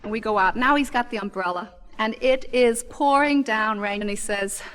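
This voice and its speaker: A woman stand-up comedian, telling a wry, chatty story full of quick back-and-forth quotes, on a 1960 live comedy record. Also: on the high side, fairly bright tone.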